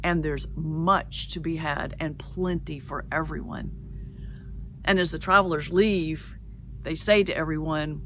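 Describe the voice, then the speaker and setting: A middle-aged woman pastor giving a sermon, telling a folk tale in an animated way and slowing down to stress key words. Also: low-pitched, slight background noise. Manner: animated storyteller, slows for emphasis. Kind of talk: sermon with storytelling. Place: church sanctuary.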